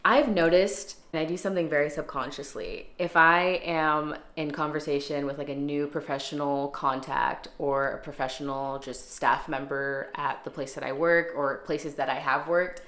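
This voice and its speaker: A young woman with a low voice hosts a podcast in loose, chatty talk full of fillers. Her voice rings with a roomy echo. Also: fairly even intonation, normal speed, hardly any pauses, fairly bright tone. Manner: chatty, laughs often, many fillers. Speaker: podcast host. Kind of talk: casual chat.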